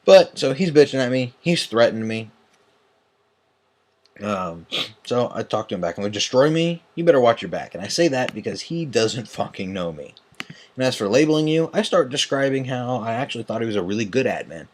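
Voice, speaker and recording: A man's voice: medium pitch, expressive, normal speed. A young man in a profane, agitated late-night rant, tired and yawning as he talks. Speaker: online tournament host. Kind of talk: ranting vlog.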